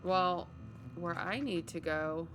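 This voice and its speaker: A woman giving casual let's-play commentary, chatty, reacting out loud and laughing. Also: lowish voice, slow pace, background noise. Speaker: gameplay streamer. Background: game music.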